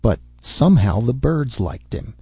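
A man narrating a classic fairy tale in a measured, even reading. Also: mid-range voice, vocal fry, husky, dry recording. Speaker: audiobook narrator. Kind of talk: storybook narration. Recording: dull, dry lo-fi recording.

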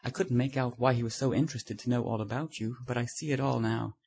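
A man's voice: medium pitch, steady tone, fast talker, darkish tone, slightly rough. A man reading the part of a witty society painter who teases his friend, in a breezy, amused way. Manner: breezy, teasing.

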